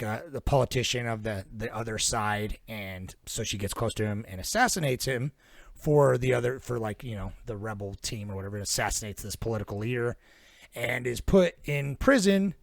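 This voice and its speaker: A man's voice: medium pitch, creaky, dry recording. A man hosting a podcast, retelling a film plot in a rambling, casual way with lots of swearing. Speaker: podcast host. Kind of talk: casual film-recap chat.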